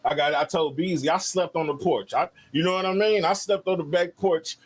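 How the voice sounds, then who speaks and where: A man's voice: on the high side, fairly quick, poor audio. A man from Chicago, a battle rapper guest, telling stories in a loose, conversational way during a sit-down interview.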